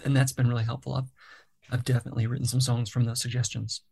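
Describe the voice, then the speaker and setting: A man with a gravelly, creaky voice at an ordinary pitch, talking through his songwriting process in a relaxed interview. He explains things thoughtfully and step by step, pausing to find his words. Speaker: songwriter and guest. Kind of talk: casual interview talk.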